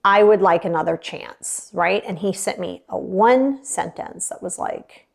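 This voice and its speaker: A woman in her thirties telling a personal story as a podcast guest, candid and expressive, often acting out what people said. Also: mid-range voice, a little slow, vocal fry. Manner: candid and expressive, mimics voices in retellings. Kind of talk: casual storytelling.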